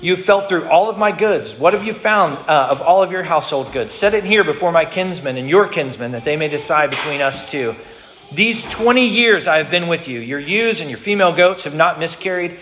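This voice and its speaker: A man's voice: fairly high pitch, lively intonation, a little fast, a bit bright, a little hiss or hum, pitched above the performer's own voice. A man voicing an angry, wronged herdsman who protests his innocence with emphatic force. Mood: indignant. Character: indignant wronged herdsman defending himself.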